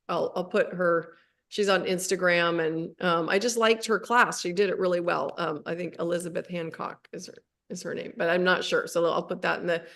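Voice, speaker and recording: A woman hosting a relaxed spiritual chat on a live stream, her voice sitting at an ordinary middle pitch. She wanders through her thoughts, breaking off and restarting sentences and leaning on fillers as she goes. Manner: rambling, with many restarts and fillers. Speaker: host of a spiritual livestream. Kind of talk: casual conversation. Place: at home, on a live video stream.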